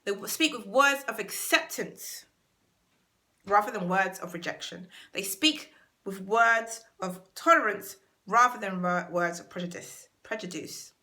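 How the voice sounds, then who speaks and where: Bright-voiced earnest British woman. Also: mid-range voice, measured pace. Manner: earnest, emphatic, repeats key words. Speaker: self-help channel host. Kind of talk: motivational talk to camera.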